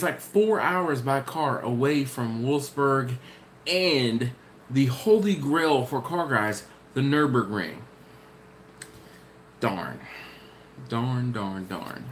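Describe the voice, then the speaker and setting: Slightly high-pitched, this man's voice comes with a bit of hiss or hum. He's from Maryland in the US and hosts a live barbecue stream, answering chat questions in a loose, rambling storytelling way and laughing often.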